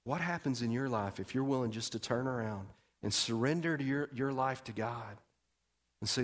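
A male pastor preaching a sermon, telling the story animatedly and swinging between loud and hushed delivery. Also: medium pitch, normal speed.

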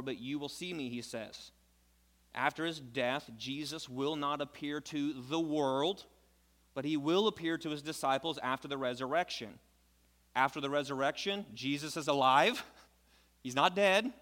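A man preaching a sermon, moving between quiet explanation and loud, emphatic passages. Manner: swings from soft low explaining to loud high emphatic preaching. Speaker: pastor.

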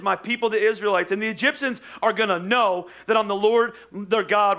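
Middle-aged pastor guy, chatty sermon, high bright voice, lots of asides. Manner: conversational, animated storytelling with asides.

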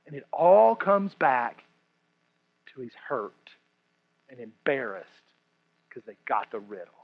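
A man in his thirties, a pastor, preaching a sermon to a congregation, swinging between hushed and loud delivery. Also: medium pitch, big pitch swings, slow, vocal fry. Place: room with a congregation. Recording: muffled lo-fi recording.

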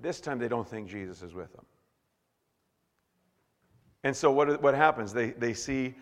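A man preaching a sermon as pastor, animated and joking, acting out quotes with shouts and stammers. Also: mid-range voice, unhurried, big-room sound.

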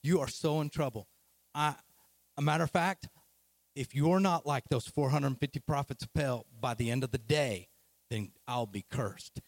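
A man voicing a scheming, menacing queen who scolds and threatens in a low voice. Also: normal speed, dry recording, close to an everyday voice. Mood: threatening.

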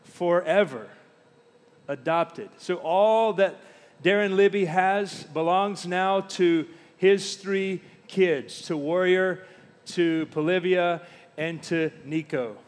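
A middle-aged man preaching a sermon, telling stories and slowing down to stress key words. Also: high-pitched, steady tone. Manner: storytelling preacher, slows down for emphasis. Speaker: pastor. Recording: long hall reverb.

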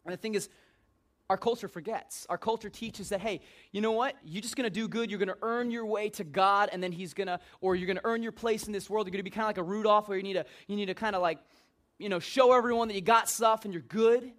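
A man's voice: sits high, quick pace, a bit bright. A man preaching an informal sermon in a joking, conversational way.

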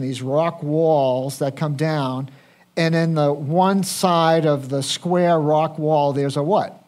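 A pastor delivers a sermon in a relaxed, conversational way. His voice sits high for a man, and he takes his time. He often turns to the congregation with questions.

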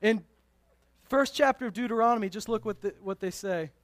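A man preaches with a high, bright-edged voice, caught on a dry, close microphone. He drives his points home with emphatic bursts, then drops to hushed, conversational asides. Little playful remarks keep the sermon personal. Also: brisk, dry recording. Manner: emphatic, swings from loud to hushed. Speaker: pastor.

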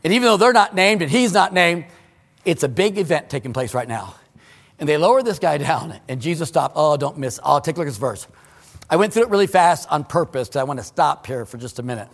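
A male pastor preaching a sermon in a church, emphatic, swinging between loud exclamations and hushed asides. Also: fairly high pitch, expressive, a little fast, in a large hall. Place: church sanctuary.

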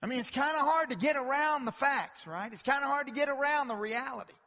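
A man preaching a sermon, emphatic, rising from quiet reflection to loud declarations. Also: extremely high pitch, quick pace. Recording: long reverb from a large hall.

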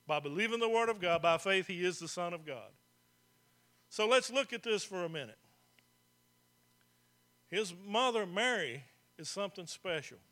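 A man's voice: sits high, expressive, normal speed, pauses often, bright, forceful tone. A man preaching a sermon as pastor, talking to the congregation in a conversational way, asking them questions and repeating phrases for emphasis.

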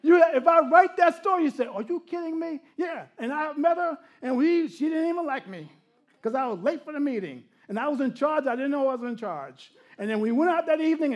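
A middle-aged man preaching a sermon, telling personal stories with frequent laughter and sliding from animated bursts into hushed, intimate passages. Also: very high-pitched. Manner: animated storytelling that drops to hushed, intimate tones. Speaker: pastor.

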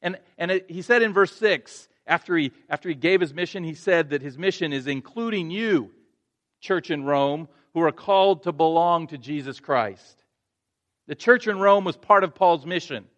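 A man's voice: a little high, normal speed, a bit bright, muffled recording. A male pastor preaching a sermon, earnest, restarting phrases and rising to emphatic points.

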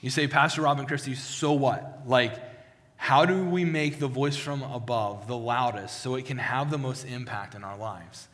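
A man's voice: medium pitch, normal speed, fairly bright tone. A male pastor giving a sermon with a personal testimony, talking conversationally with frequent restarts and repeated words. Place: church sanctuary. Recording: long hall reverb.

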